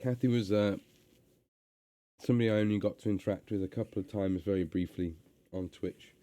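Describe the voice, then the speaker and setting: A man reading a story aloud and chatting on a live stream, relaxed with many hesitations. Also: on the low side, a little fast.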